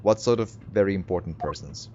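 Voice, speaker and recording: Man reading an earnest, courteous young student; lowish, lively, faint hiss. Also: brisk, natural voice. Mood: polite. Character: polite young male law student, eager. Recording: slightly muffled, steady hiss behind.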